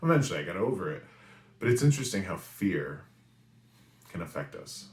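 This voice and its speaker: A man's voice: low-pitched, fairly quick. A man in his forties from New England tells a story in a monologue, often checking in with the listener. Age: 40s. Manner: animated storyteller who often asks "right?". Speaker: spiritual reader and weekly message host. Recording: roomy echo.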